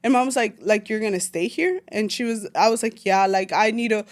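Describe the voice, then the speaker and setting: A woman in her late twenties from El Salvador, telling a personal story as a podcast guest in an animated, slangy way, slipping Spanish phrases into her English. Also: mid-range voice, fairly quick. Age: late 20s. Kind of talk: casual storytelling chat.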